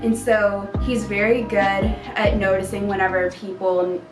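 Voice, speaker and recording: A woman's voice: mid-range voice, fairly even intonation, moderate pace. A young woman talking casually about her boyfriend, chatty and full of "like". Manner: chatty, lots of "like". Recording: roomy, distant, music behind.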